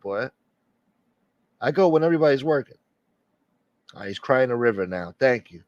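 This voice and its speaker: Man, livestream host, casual profane chat, average pitch, muffled lo-fi sound, dry close mic. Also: expressive, normal speed, a little mellow, dry recording. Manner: profane, joking, reading out viewer names. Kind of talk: casual live-stream chat.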